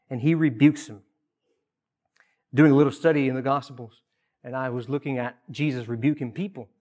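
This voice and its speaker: A man preaching a sermon, earnest, with emphatic rises and repeated phrases. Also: mid-range voice.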